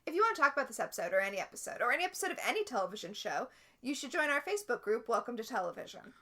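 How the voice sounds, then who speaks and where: A woman's voice: a little high, very animated, very fast, pushed and bright. A woman co-hosting a TV recap podcast in casual chat, wry and joking. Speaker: podcast co-host.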